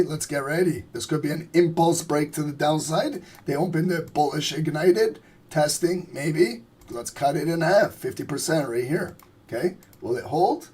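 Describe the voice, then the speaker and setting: A man with a raspy, husky voice talks viewers through live charts in a loose, joking way. His pitch sits slightly high for a man, and he thinks out loud as the market moves. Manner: casual, joking, thinks aloud. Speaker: trading stream host. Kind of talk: live trading commentary.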